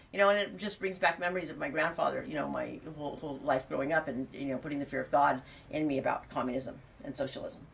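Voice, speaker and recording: Chatty woman, bright voice, a bit distant. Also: on the low side, gravelly. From California. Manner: rambling and chatty, laughs often. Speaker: farm vlogger reading viewer comments. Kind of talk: casual chat.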